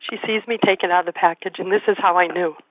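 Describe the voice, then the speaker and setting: A woman hosting a radio show, telling a family story in a lively way and acting out the voices she quotes. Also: on the low side, rapid-fire. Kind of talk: casual storytelling conversation. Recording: tinny phone-line sound, dry.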